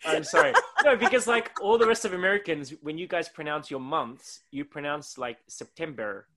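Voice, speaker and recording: Australian male podcast co-host, bright and chatty, rambles with lots of fillers. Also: on the high side, brisk. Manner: rambling, heavy use of "like", laughs often. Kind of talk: casual podcast chat.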